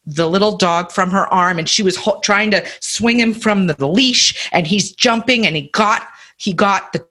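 A woman on a radio talk show telling a story in an animated, expressive way. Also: mid-range voice, normal speed.

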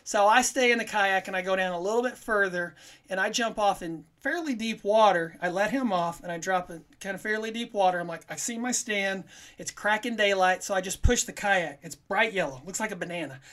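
A man telling a long hunting story on a casual podcast, rambling and animated, acting out what people said. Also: high-pitched, fairly quick. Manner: rambling, animated, quotes himself in little voices.

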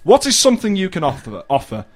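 A man hosting improvised comedy, playing a mock-formal interviewer who moves things along briskly. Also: high voice, wildly swooping pitch. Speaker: host acting as interviewer.

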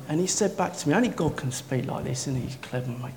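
Excitable preacher in echoey hall. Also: male voice, on the high side, quick pace. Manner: excitable storytelling, swinging from soft to loud. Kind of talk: sermon. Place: church hall. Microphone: worn mic. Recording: echoey hall, faint noise.

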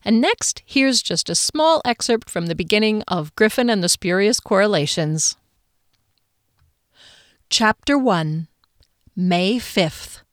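In studio-quality audio with no room sound, a woman of medium pitch narrates a novel from a script. As an audiobook narrator, she keeps her storytelling steady and measured.

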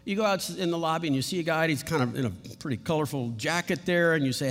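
Earnest preacher, hall reverb. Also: male voice, on the high side, fast talker, few pauses. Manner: earnest, repeats himself when restarting. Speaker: pastor. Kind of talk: sermon.

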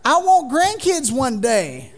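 A man in his thirties preaching a sermon in a church, folksy and joking with the congregation, swinging from loud to quiet. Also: very high-pitched, wildly swooping pitch, takes it slowly. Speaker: pastor. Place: church sanctuary.

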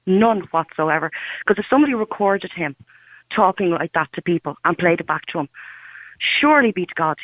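A woman's voice: fairly low pitch, lively intonation, fairly quick, a bit bright, no echo, lo-fi sound. An Irish woman calling in to a radio phone-in, talking with passion and indignation, blunt about what she thinks. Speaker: caller.

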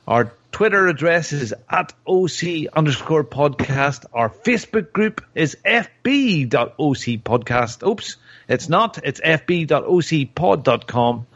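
Male podcast host, slightly high voice, dull lo-fi sound, upbeat delivery. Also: expressive, a little slow, fairly bright tone. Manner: enthusiastic, upbeat. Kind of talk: casual podcast sign-off.

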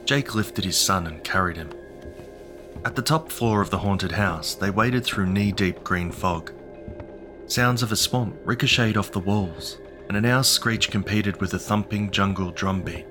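A man narrating a horror story in a measured, ominous scripted style. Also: low voice. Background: music.

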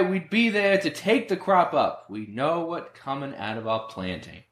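Loud giggly man reading a comic story. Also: fairly high pitch, very animated, normal speed, reverberant. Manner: loud, giggling, doing gruff character voices. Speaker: podcast co-host reading a story. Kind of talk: comedic reading of a word-game story.

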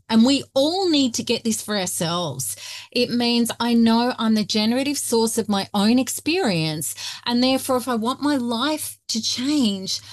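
A passionate woman speaking as a guest expert in an interview. Her voice sits a bit high and lands with emphatic weight. The recording is close and dry, with no room sound. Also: dry recording. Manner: emphatic, passionate, often acting out quoted voices. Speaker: guest expert on narcissistic abuse. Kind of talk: animated interview storytelling.

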